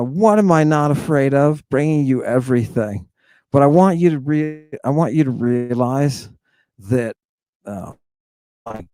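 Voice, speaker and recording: A man hosting a lecturing monologue to his viewers. He talks emphatically, keeps asking "right?" and "do you understand?", and stalls in halting restarts with drawn-out fillers. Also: mid-range voice, dark tone, no echo. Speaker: host.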